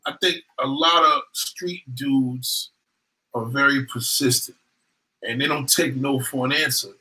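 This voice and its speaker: Bright-voiced slangy storytelling man. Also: medium pitch, poor audio. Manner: slangy, animated street storytelling. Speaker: podcast host. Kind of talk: casual chat.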